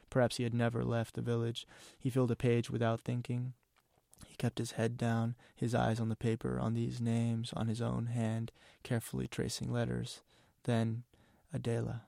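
A man reads his own literary fiction aloud with a measured, somber delivery. His voice is low, gravelly and almost monotone, recorded dry and close. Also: dry recording. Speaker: author reading his novel. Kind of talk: literary reading.

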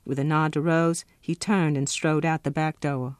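A woman author reading from her own novel in a steady, expressive first-person narration. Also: low voice, moderate pace, dry recording, clean studio sound.

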